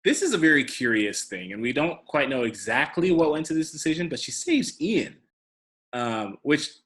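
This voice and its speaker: A man co-hosting a podcast, chatting casually in a relaxed, conversational way. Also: on the high side, moderate pace. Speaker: podcast co-host. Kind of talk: casual recap chat.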